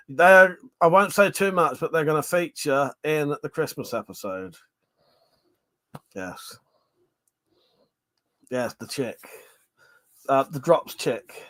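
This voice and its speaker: A man's voice: fairly high pitch, fairly bright tone. A man hosting a live stream, chatting casually with viewers and laughing often between jokes and swearing.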